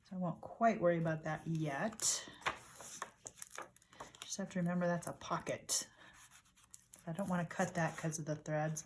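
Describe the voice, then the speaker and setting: A woman hosting a relaxed crafting video, talking softly to herself in an unhurried way as she works. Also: low voice, a little hiss or hum. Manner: soft, unhurried, talking to herself while working. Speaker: craft channel host.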